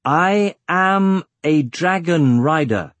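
Guy doing a young hero voice, raised up higher, earnest and direct, a bit husky. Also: sing-song, measured pace, no echo, heavily acted. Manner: earnest, clear, emphatic.

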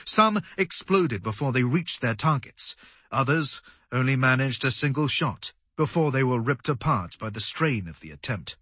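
A man narrating an audiobook in a dramatic, animated storytelling manner. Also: medium pitch, moderate pace, husky, no room sound. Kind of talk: scripted narration.

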